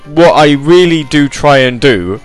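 A man's voice: on the high side, animated, unhurried, faint music behind. A man hosting a casual chat show, rambling and joking with lots of fillers and restarts. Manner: rambling, jokey, puts on silly voices. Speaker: podcast host.

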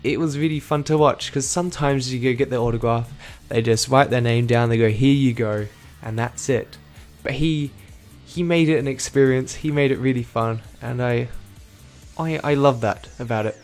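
A man's voice: mid-range voice, moderate pace, a little mellow, soft background music. Young man recapping his day on his vlog, rambles, corrects himself with dry asides. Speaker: vlogger.

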